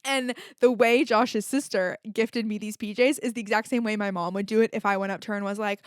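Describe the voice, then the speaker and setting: A woman's voice: mid-range voice, steady tone, fairly quick, clear, resonant tone, dry recording, clean studio sound. A young woman hosting a casual solo podcast, chatty and candid, with lots of filler words and the odd swear. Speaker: podcast host.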